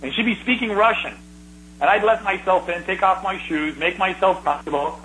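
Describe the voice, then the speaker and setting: Middle-aged man, fairly high bright voice, animated rambling storyteller, faint background hiss. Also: brisk, rough recording. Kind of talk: casual reminiscing conversation.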